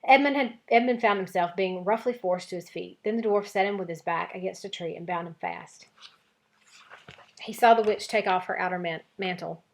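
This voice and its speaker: A woman teacher reading a children's novel aloud to her class, with expressive storytelling narration. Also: medium pitch, normal speed, vocal fry.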